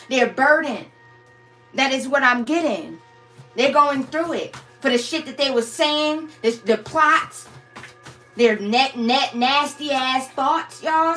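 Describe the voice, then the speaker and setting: A woman with a fairly high voice delivers a channeled tarot reading straight to her viewers. She talks in a loose, blunt, casual way and swears freely. Faint music plays behind her. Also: a bit bright. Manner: casual and blunt, swears freely, calls listeners "y'all" and "my babies". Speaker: tarot reader.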